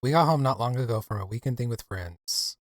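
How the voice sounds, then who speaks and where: A man's voice: mid-range voice, animated, a little fast, soft background music. A man from the American South, chatting casually with his chat while livestreaming a game. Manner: chatty, rambling, playful.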